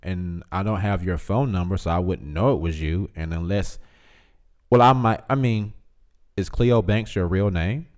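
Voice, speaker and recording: A man's voice: deep voice, moderate pace, a little mellow. A man hosting a casual livestream, reading chat comments aloud, teasing viewers and laughing often.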